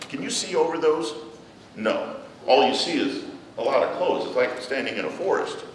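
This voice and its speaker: A man giving a children's message in church, gently telling a story and asking the children questions. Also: mid-range voice, animated, moderate pace. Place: large church hall. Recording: echoey hall, mic far off, room noise.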